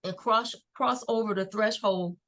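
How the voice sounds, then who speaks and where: A middle-aged woman sits in as a guest on a podcast interview, sharing a personal testimony of faith. She speaks earnestly and without hurry, in a voice of ordinary middle pitch for a woman. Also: a bit bright. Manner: earnest, faith-filled, unhurried storytelling. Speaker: guest, nonprofit founder.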